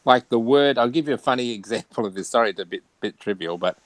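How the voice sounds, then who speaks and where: A man with an Australian accent in a relaxed, chatty conversation, laughing often. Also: medium pitch, fast talker, dry recording, low-quality recording. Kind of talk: casual chat.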